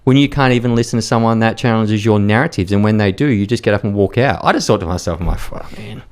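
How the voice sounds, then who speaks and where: A man with a very low voice talks bluntly as a podcast guest. He rambles through a story, peppering it with fillers and the odd curse word. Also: quick pace, clear, resonant tone. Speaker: podcast guest, war reporter. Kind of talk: casual storytelling chat.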